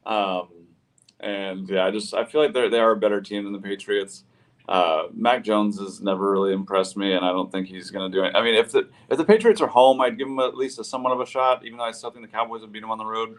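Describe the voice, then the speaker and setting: A man co-hosting a casual sports talk stream, laid-back and quick to laugh. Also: lowish voice.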